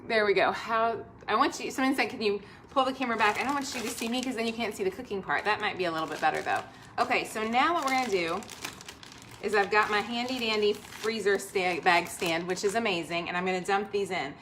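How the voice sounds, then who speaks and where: A woman talks straight to her viewers as she cooks live in her home kitchen. Her voice is bright and forward, and her talk stays cheerful and chatty, full of asides and replies to comments. A faint hiss and a few clicks sit under the sound. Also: mid-range voice, fast talker. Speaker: host of a cooking livestream.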